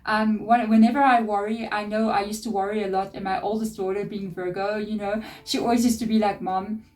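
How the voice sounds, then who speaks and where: A woman's voice: medium pitch, level tone, a little fast, darkish tone. A middle-aged woman reading tarot, giving spiritual advice in an earnest, emphatic way with lots of repetition. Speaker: tarot reader. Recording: distant mic with faint background music.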